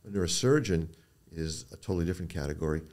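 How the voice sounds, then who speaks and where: An older man, a neuro-oncologist guest on a podcast, speaks quickly in a low voice. He tells stories and quotes the people in them using animated voices.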